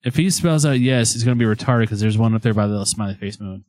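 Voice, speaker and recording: A man's voice: on the low side, fast, no echo. A man hosting a casual chat around a spirit board, joking, swearing and putting on a spooky tone. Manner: swearing, animated, mock-spooky. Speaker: podcast host.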